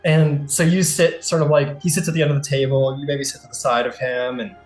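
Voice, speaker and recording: A man's voice: on the high side, flat delivery, fairly quick, roomy sound, over loud music. A man narrating as game master in a casual, hesitant way, full of fillers and restarts. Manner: loose, hesitant, many fillers.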